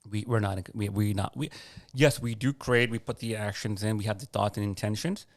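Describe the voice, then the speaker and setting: A man, a podcast guest, telling a personal story in an earnest, animated way and acting out past conversations. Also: lowish voice, brisk, no echo, studio quality. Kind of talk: personal story in a casual interview.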